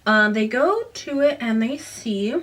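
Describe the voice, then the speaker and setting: A woman's voice: on the high side, animated, measured pace. Casual female book reviewer, chatty and rambling, recorded slightly distant from the mic. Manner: rambling, self-correcting, giggly asides. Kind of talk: casual book recap with read-aloud passages.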